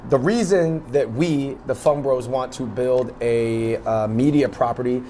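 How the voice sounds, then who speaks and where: A man's voice: medium pitch, measured pace, warm tone, faint music behind. Rambling young man chatting in a dessert shop. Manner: rambling, lots of fillers and restarts. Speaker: web video host. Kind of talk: casual interview chat.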